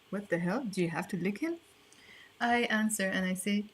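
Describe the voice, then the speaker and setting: A woman's voice: medium pitch, animated, moderate pace, slightly rough. A woman teaching a language lesson online, explaining in a playful, chatty way with asides.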